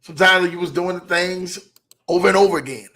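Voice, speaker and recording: A man hosting a motivational talk show, repeating his key points and slowing down to stress them. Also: sits high, fairly bright tone. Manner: preachy, repeats key lines, slows for emphasis.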